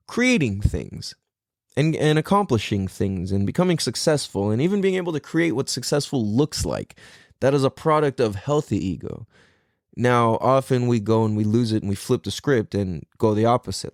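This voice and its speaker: Male solo podcaster, casual and profane, animated delivery, dry close-miked recording. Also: medium pitch, no room sound. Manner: rambling, profane, self-deprecating. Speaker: podcast host.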